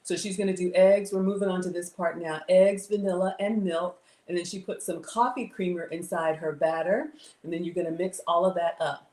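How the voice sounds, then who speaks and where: A woman's voice: on the low side, fairly even intonation, brisk, darkish tone, echoey room. A middle-aged woman, hosting a live cooking stream and chatting casually with viewers, reading their comments aloud. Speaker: livestream cooking host. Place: home kitchen.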